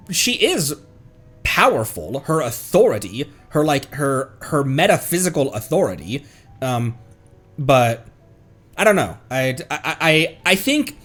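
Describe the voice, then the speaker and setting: Male streamer, casual reaction talk, lively swinging pitch, hesitant and rambly with faint music behind. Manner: rambling and hesitant, many restarts, bursts of excitement. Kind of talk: casual livestream reaction commentary.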